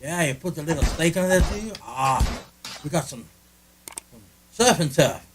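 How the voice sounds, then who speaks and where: Man, casual podcast co-host, slightly high voice, rambling, joking. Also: lively intonation, moderate pace, a little hiss or hum, poor audio. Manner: rambling, joking, frequent restarts. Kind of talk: casual chat. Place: friend's living room in California.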